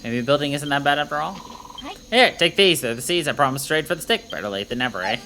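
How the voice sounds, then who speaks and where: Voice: medium pitch, animated, fast talker, pushed and bright, slight background noise. A gaming streamer making playful, jokey casual commentary while playing.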